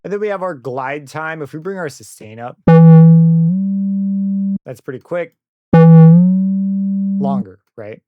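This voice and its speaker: A young man walking through a software synth plugin in a casual tutorial, thinking aloud and correcting himself as he goes. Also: medium pitch, lively intonation, a little slow, long pauses. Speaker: plugin reviewer. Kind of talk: screen-recorded software tutorial. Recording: dry close mic with synth music under it.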